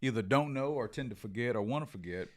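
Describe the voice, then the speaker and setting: A man speaking as a podcast guest, relaxed and conversational. He mostly chimes in with short words of agreement. His voice is at a middle pitch. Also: fast talker. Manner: brief agreeing interjections, relaxed. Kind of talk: casual chat.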